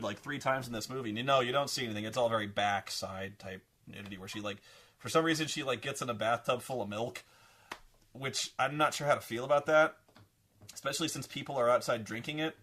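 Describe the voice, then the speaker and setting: A young adult man giving a casual, rambling film review, self-deprecating and animated. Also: mid-range voice.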